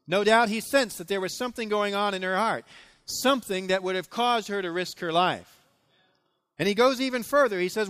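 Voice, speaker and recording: A man preaching a sermon, retelling a biblical story with dramatic, animated delivery. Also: high-pitched, moderate pace, clear, resonant tone. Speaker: pastor.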